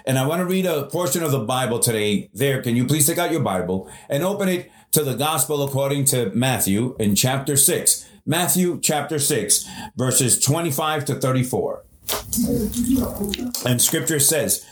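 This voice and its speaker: A male pastor preaching a sermon with emphatic delivery, slowing down and speeding up, often repeating and restarting words. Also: mid-range voice, expressive, roomy sound.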